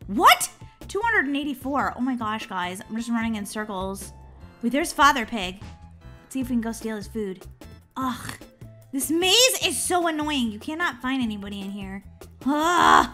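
A woman hosting a gaming channel, chatting excitedly through a video game and squealing when she is chased. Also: a little high, normal speed, faint music behind. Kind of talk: playing a video game with commentary.

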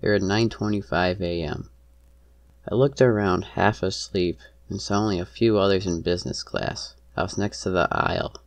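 A man's voice: low-pitched, steady tone, normal speed, dry recording. A man narrating a dramatized story in the first person, earnest and tense.

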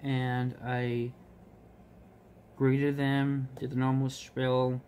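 A man of middle pitch tells a workplace story in an easy, rambling way. He fills his talk with ums and restarts and livens up when he quotes others. A faint hiss sits under the recording. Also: monotone, extremely slow, a little mellow. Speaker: vlogger, restaurant manager. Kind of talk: casual storytelling while crafting.

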